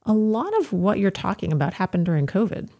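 A woman's voice: mid-range voice, sing-song, a little fast, mellow, breathy edge. A woman interviewer asking brief, prompting questions.

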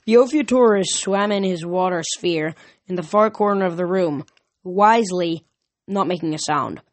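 Reader narrating a novel, first person, steady pace, mid-range voice. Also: medium pitch, normal speed. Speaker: audiobook reader. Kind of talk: fan audiobook narration.

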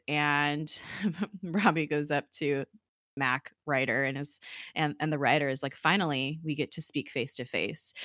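A woman's voice: deep voice, pushed and bright, no echo, studio quality. A young woman in casual chat, recapping a TV episode and paraphrasing the characters with lots of "like". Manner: chatty, peppers speech with "like", paraphrases characters' lines. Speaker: podcast host recapping a TV episode.

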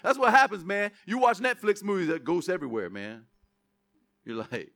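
A male pastor preaching to his congregation in a lively way, breaking up scripture readings with playful jokes. His voice sits high for a man and has a bright, ringing edge. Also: brisk. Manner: lively, joking asides to the congregation. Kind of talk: sermon.

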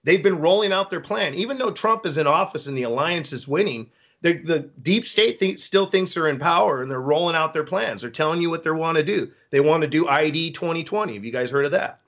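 A man hosting a live stream, chatting casually and telling rambling, animated stories. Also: fairly high pitch, fairly quick. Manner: rambling, animated storytelling with quoted voices. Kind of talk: casual chat.

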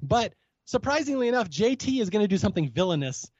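A man's voice: high voice, sing-song, fast talker, a little mellow, slightly rough, dry recording, muffled recording. A man hosting a podcast in a casual recap chat, chatty, laughing often and acting out quotes. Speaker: podcast host.

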